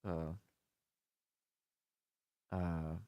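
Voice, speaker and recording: A man's voice: sits low, flat delivery, extremely slow, dark tone, no room sound, studio quality. A man hosting a casual live stream by himself, chatting as he thinks aloud. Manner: chatty, muses aloud about word pronunciations.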